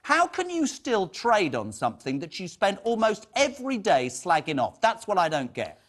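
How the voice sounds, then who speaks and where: A man's voice: high-pitched, wildly swooping pitch, normal speed. A man hosting a TV panel debate, asking combative, incredulous questions. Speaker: TV host.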